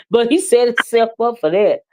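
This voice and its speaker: A woman hosting a casual live-stream gossip show, talking in a sassy, emphatic, drawn-out way. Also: a little high, lively intonation, a little mellow. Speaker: live-stream commentary host.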